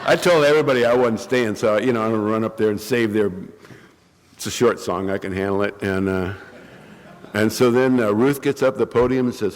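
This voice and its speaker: A man's voice: mid-range voice, normal speed, a little hiss or hum. A man with bronchitis, coughing now and then, telling a wry, self-mocking story to a recovery meeting and acting out the quotes. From California. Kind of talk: humorous storytelling talk. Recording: reverberant hall.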